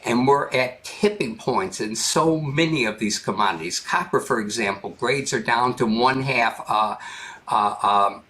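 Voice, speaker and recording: An American man speaking as a guest in an interview, earnest and halting, often restarting his sentences. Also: mid-range voice, pushed and bright. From United States. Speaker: guest commentator. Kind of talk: interview conversation.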